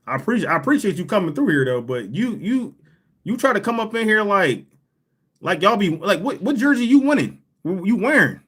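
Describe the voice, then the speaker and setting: A man's voice: fairly high pitch, sing-song, normal speed, a bit bright, breathy edge. A man hosting a casual live sports podcast, talking animatedly, repeating himself as he answers comments from the chat. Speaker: podcast host.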